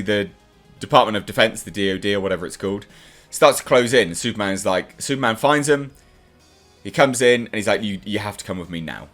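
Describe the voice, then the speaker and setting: A man's voice: on the low side, pushed and bright. A man hosting his own channel, giving a casual and enthusiastic spoken review of a TV episode. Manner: enthusiastic, chatty, acts out characters' lines.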